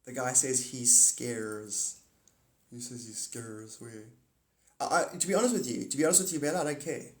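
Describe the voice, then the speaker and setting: A man's voice: mid-range voice, moderate pace, reverberant. A man hosting a casual livestream, talking to viewers in a rambling, blunt and profane way. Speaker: livestream host.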